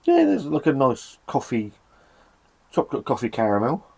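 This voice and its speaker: A man's voice: medium pitch, huge pitch swings, normal speed, creaky, a little mellow, slightly rough. A man from England casually reviewing a beer in a cold shed, chatty and sweary, rambling with self-deprecating laughs. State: shivering from the cold.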